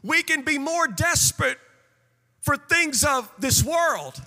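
A man preaching a fervent sermon in a very high, bright, ringing voice. His words rise into chanted, shouted crescendos and then fall back, unhurried. The sound carries a long reverb, as from a large church sanctuary. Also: lively intonation. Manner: impassioned preaching with sing-song cadence and shouted peaks. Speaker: pastor.

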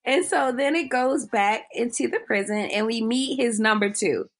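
A woman's voice: a little high, normal speed. A young woman co-hosting a casual chat, recapping a film with lots of fillers and giggles. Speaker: podcast co-host.

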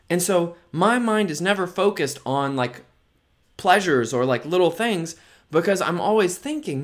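A man's voice: a little high, lively intonation, moderate pace, a bit bright. A tired man hosting his own podcast who talks in a rambling, upbeat way, full of "like" and "right?". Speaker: podcast host. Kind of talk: casual solo podcast monologue.

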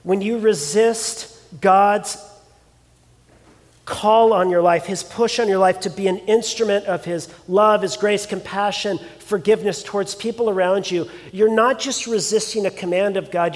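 A man preaching a sermon, telling a scripture story with expressive emphasis. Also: high voice, big-room sound. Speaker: pastor.

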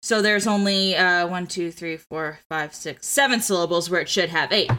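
A young woman's lowish, bright, forceful voice carries a casual podcast she co-hosts, at a moderate pace. She enthusiastically explains poetic meter, peppering it with "like" and restarts.

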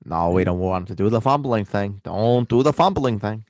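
A man's voice: on the low side, lively intonation, fairly quick, darkish tone, no room sound, clean studio sound. A man co-hosting a fantasy football podcast, chatting casually and hamming up a folksy put-on Minnesota accent. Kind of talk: casual chat.

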